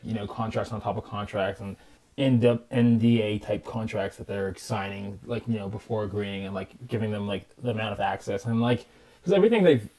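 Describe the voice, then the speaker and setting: A man's voice: on the low side, dark tone. A man co-hosting a podcast in casual chat, rambling and skeptical in his opinions. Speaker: podcast co-host.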